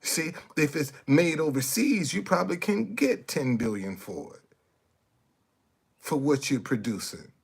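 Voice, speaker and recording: A man's voice: on the high side, big pitch swings, a little slow, vocal fry, husky. A man, ranting on a casual live stream, repeating himself and heckling commenters. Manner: repeats phrases, heckles chat commenters, laughs loudly.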